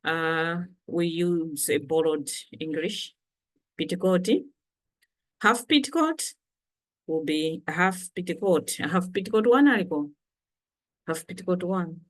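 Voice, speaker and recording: Slow, patient woman teaching a language. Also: on the low side, expressive. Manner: slow, patient, repeats words for learners. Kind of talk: casual language lesson.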